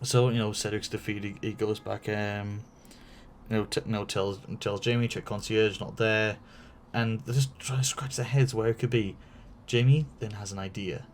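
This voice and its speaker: A man's voice: on the low side, fairly even intonation, normal speed, a little mellow, slight background noise. A man streaming, telling a long story casually with many fillers, restarts and swearing.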